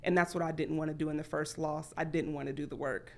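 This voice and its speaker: A woman guest on a podcast, talking candidly and acting out her past thoughts with sudden jumps in pitch. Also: steady tone, fast talker, vocal fry. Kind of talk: candid conversational storytelling.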